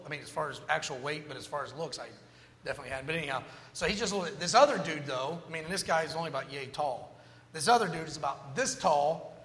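A man telling a humorous personal story as part of a sermon, jumping between jokes and moral lessons. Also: fairly high pitch. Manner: animated, joking anecdotes with moral lessons. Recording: long reverb of a large hall.

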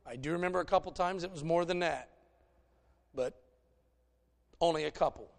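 Folksy preacher man with gravelly voice. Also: on the high side, moderate pace. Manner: folksy, anecdotal, plainspoken. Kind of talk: conversational sermon.

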